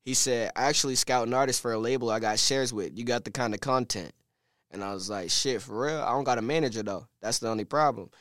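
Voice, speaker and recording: A teenage man, a guest musician, excitedly telling a story on a casual podcast and quoting the people in it. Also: mid-range voice, quick pace, no echo, clean studio sound. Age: teens. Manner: excited storytelling, quotes himself and others.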